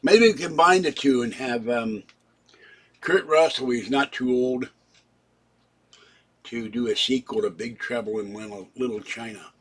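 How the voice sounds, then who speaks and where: A man in his seventies chats away on a live stream, drifting from one story to another as he talks to his viewers. His voice is husky and breathy, pitched in an ordinary middle range. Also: fairly even intonation, unhurried, long pauses. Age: 70s. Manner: rambling, wandering from topic to topic; chatty, talks straight to viewers. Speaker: channel host. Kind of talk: casual live-stream chat.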